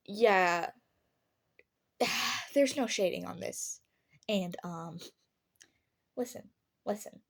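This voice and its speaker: A teenage girl vlogs casually about art, her mid-range voice carrying a breathy edge. She's chatty and sarcastic, laughs a lot, and swears occasionally.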